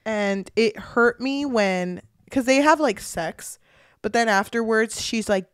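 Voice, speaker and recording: A woman's voice: a little high, takes it slowly, smooth, no room sound, studio quality. A woman co-hosting a casual book podcast, retelling a plot with lots of swearing and fillers. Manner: animated retelling with frequent swearing. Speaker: podcast co-host.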